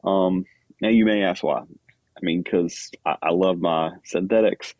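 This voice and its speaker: A man's voice: sits low, steady tone, a little slow, a little mellow, dry recording, dull audio. A man guest on a podcast, talking casually with lots of fillers and self-deprecating asides. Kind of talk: casual chat.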